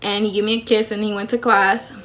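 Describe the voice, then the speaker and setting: A young woman vlogger chatting through a personal story time, animated and talkative, acting out what people said. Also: mid-range voice, fairly quick, heavy background noise. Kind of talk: storytime vlog.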